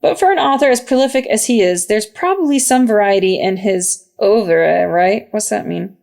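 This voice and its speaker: A woman's voice: mid-range voice, normal speed, vocal fry, darkish tone. Giggly chatty woman podcast co-host. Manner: giggly, chatty, laughs often. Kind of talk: casual chat, reading reviews aloud.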